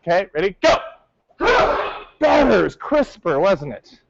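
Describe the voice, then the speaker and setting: A man's voice: sits high, sing-song, takes it slowly, vocal fry, dull audio. A male martial arts instructor teaching a class, calling out counts and coaching his students. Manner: barks counts, coaching and correcting.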